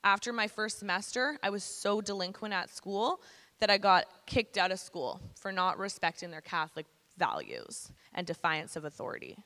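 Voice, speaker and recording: A woman in her thirties speaks frankly and casually to a student audience, slipping into slang. Her voice is bright and forceful, and it echoes around a large school hall. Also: mid-range voice, big pitch swings, normal speed. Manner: candid, conversational, slangy. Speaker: guest speaker. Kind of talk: personal testimony to students.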